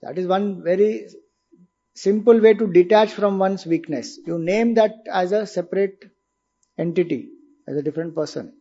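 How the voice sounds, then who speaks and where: A man's voice: high-pitched, moderate pace, warm tone. A man with an Indian English accent giving an informal spiritual talk, explaining ideas conversationally and asking his listeners rhetorical questions. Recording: dull lo-fi recording.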